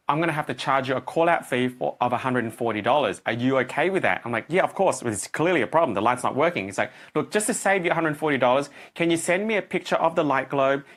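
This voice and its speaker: A middle-aged man coaching a group, telling a story and acting out his own reactions. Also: mid-range voice. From Australia. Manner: animated, acts out his own reactions and voices.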